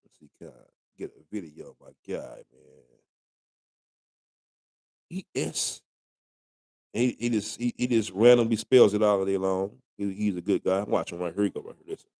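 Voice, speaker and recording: A man's voice: sits low, brisk, dark tone, no echo, clean studio sound. A young man hosting a live stream, trash-talking rival fans in casual banter with drawling repeats. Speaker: live-stream host, sports fan.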